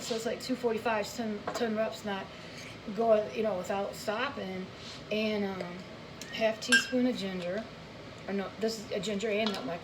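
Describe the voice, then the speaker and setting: Rambling woman chatting in a noisy kitchen. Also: mid-range voice. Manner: rambling, storytelling, many fillers and restarts. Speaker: home cooking vlogger. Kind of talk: rambling casual chat while cooking. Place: home kitchen. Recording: kitchen noise with clattering dishes.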